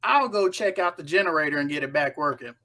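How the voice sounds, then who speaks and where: A woman's voice: deep voice, lively intonation, fast, a bit bright. A woman voicing a laid-back young man who brushes off worry, in a casual retelling of a horror film. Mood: dismissive.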